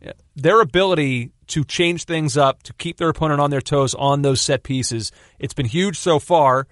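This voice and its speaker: Chatty man with a slightly higher, dry voice. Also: normal speed, a bit bright, no echo. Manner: teasing, chatty, lots of fillers like kinda and like. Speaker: podcast co-host. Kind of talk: casual sports analysis chat.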